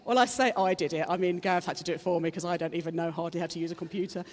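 Woman pastor, Easter sermon, chatty asides to the congregation, bursts into excited high exclamations. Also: racing, few pauses. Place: church hall with congregation. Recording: reverberant hall with soft music behind.

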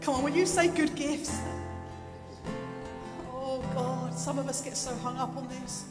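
A woman's voice: high voice, unhurried. A woman preaching a sermon in a chatty style, with joking asides and repeated phrases, in a church hall. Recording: echoey hall with music. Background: live instrumental music.

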